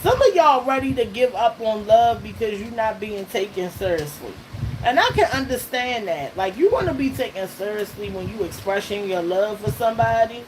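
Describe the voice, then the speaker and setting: With a mid-range voice and moderate pace, a tarot reader speaks to viewers on her channel in a loose, conversational way. She stresses her points, laughs between them, and keeps asking "okay?" and "all right?" The recording has constant background noise.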